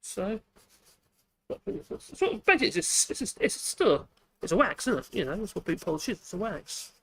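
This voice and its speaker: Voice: mid-range voice, huge pitch swings, unhurried, fairly bright tone. A woodworking channel host, chatting casually while demonstrating at the workbench, thinking aloud and correcting themselves as they go.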